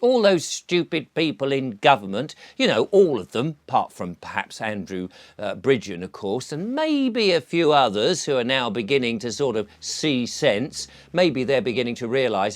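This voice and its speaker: A man's voice: medium pitch, big pitch swings, normal speed, few pauses. A man giving a mocking solo monologue, often acting out the voices of the people he quotes. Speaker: video commentator.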